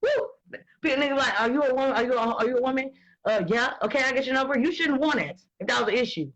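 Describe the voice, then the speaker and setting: A woman, talking in blunt, profane and animated casual chat as host. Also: high-pitched, quick pace, highs cut off. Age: 20s.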